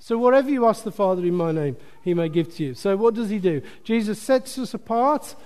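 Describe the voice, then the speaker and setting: A man preaching a sermon, lively and emphatic, joking with asides to the congregation. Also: high voice, a little fast. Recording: long hall reverb.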